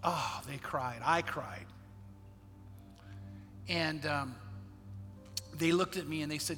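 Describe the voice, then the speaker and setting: A man, a pastor, telling a personal story in a sermon, earnest and dropping quiet in the sad parts. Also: fairly high pitch, fairly even intonation, a little slow, long pauses, big-room sound, faint music behind. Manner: earnest storyteller, quotes others in his own voice, drops quiet in sad parts.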